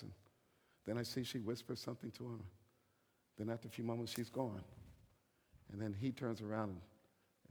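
A man preaching a sermon as a bishop, telling a story and swinging between hushed whispers and loud, emphatic preaching. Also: on the low side, creaky, breathy edge, in a large hall.

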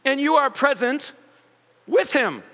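A man preaching a sermon in a lively, playful way, often acting out quoted voices. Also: very high-pitched, slow, big-room sound. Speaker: pastor.

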